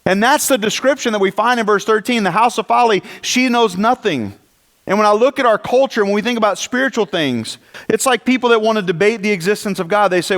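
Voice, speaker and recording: A man's voice: high voice, fairly quick, a bit bright. A man preaching a sermon in a conversational way, with rhetorical questions and asides. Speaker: pastor.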